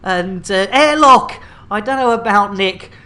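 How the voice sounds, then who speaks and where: A man's voice: high voice, lively intonation, measured pace, pushed and bright. A man streaming a space game, rambling and joking with repeated catchphrases. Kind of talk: live-stream commentary.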